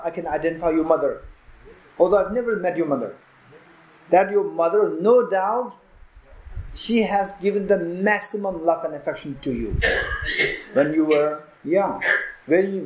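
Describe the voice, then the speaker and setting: A man's voice: fairly high pitch, a little mellow. Male teacher in an echoey hall. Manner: storytelling with quoted dialogue, repeats phrases for emphasis. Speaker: Buddhist teacher. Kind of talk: dharma talk at a retreat. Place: retreat hall. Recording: roomy hall echo.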